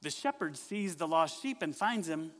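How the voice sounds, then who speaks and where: A man preaching a sermon in church, telling a story with lively questions to the congregation. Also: a little high, moderate pace, big-room sound. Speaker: pastor.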